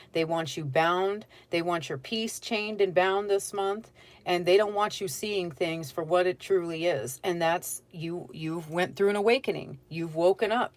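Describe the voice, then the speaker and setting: A woman giving a casual tarot reading, talking straight to the viewer and often checking in with "okay?". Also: on the low side. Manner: chatty, keeps checking in with "okay?"; direct advice to the viewer. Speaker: tarot reader.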